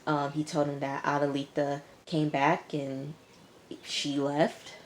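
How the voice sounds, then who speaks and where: A woman's voice: low voice, little pitch movement, slow, slight background noise. A woman recapping a TV episode in a casual, chatty way, often talking back to the characters. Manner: chatty, talks back to characters with mock quotes. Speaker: TV episode reviewer.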